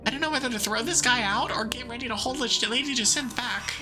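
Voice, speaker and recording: A woman's voice: a little high, fast talker, few pauses, sharp tone, faint music behind. A woman streamer giving casual, playful commentary while playing a game. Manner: chatty, playful, laughs easily.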